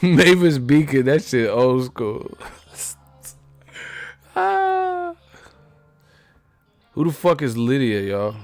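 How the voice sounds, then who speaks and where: A man's voice: medium pitch, huge pitch swings, extremely slow, long pauses, dry recording, faint music behind. Profane, laughing male stream host. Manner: profane, joking, laughs often. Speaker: live stream host reading chat. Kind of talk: casual chat.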